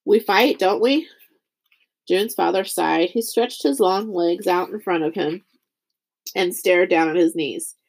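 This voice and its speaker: A woman reading a chapter book aloud as narrator, raising her pitch for the characters' lines. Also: unhurried, creaky, darkish tone. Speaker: audiobook reader. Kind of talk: scripted narration.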